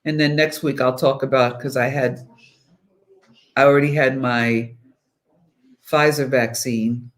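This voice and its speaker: A woman's voice: a bass voice, steady tone, a little slow, long pauses. Older woman, live-stream co-host, casual chat, wry, teasing.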